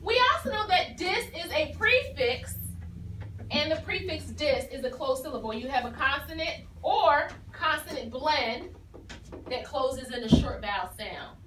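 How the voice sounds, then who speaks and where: A woman's voice: sits high, expressive, measured pace, a bit bright, a little hiss or hum. A woman teacher leading a phonics lesson, patiently asking questions and repeating the pupils' answers. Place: classroom. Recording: echoey classroom from far off.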